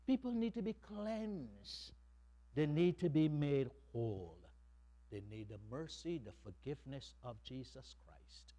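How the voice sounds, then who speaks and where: Animated male preacher with lively pitch. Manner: animated preaching, rising to loud emphatic calls. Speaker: pastor. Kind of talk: sermon.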